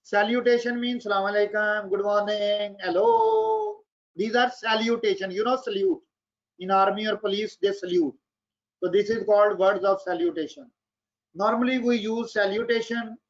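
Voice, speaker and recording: A male English teacher giving a classroom grammar lecture. He explains slowly, repeats and acts out example sentences, and drops in Arabic and Urdu words for his students. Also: high-pitched, animated. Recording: dull lo-fi classroom recording.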